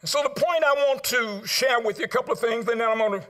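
An older male pastor with a strikingly high voice delivers a sermon. He works the congregation with call and response, lifting into sung exclamations and then sinking to quiet asides. He tells his listeners to write his points down. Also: fast. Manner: rhythmic call-and-response preaching, swings from loud sung exclamations to low murmurs; addresses congregation directly, asks them to write down points. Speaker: preacher.

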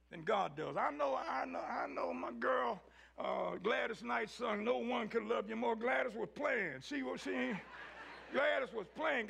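A man preaching a sermon, swinging between shouted peaks and low, quiet stretches. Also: gravelly, husky. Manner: rising to shouts, then dropping low.

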